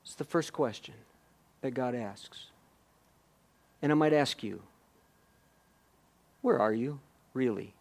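A man preaching a sermon, questioning his listeners directly and moving between hushed and emphatic delivery. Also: medium pitch, takes it slowly, long pauses. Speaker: pastor.

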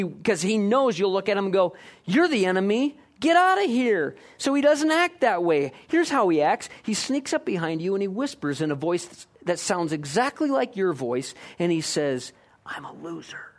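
Higher-voiced guy preaching, punchy and emphatic, keeps asking questions. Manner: emphatic, repeated rhetorical questions. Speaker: pastor. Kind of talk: sermon.

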